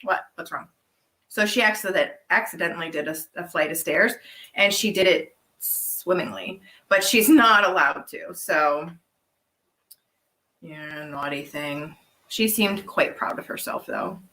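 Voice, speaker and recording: A woman co-hosting a casual livestream Q&A from her farm, telling stories in a chatty, animated way. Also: lowish voice, normal speed, roomy sound, low-quality recording. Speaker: farm co-owner and livestream host.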